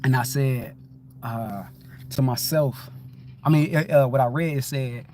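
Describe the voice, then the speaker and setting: A laid-back livestream host from Detroit, USA, rambles through a casual spiritual monologue, repeatedly saying "you know what I'm saying." His mid-range voice is a little slow, and there is noise in the background.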